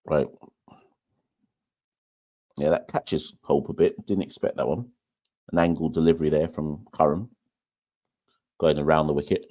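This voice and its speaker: A man's voice: rumbling low, fairly even intonation, unhurried, long pauses, a little mellow. A young man hosting a live cricket watchalong, chatting casually to viewers in a loose, self-deprecating way. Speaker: podcast host.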